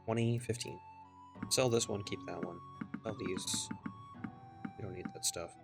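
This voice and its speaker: A man with a fairly low voice chats casually while playing, often muttering item names under his breath. Faint game music plays behind him. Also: a little slow. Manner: mumbling, reads game text aloud, trails off quietly. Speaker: game streamer. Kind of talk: casual gameplay commentary.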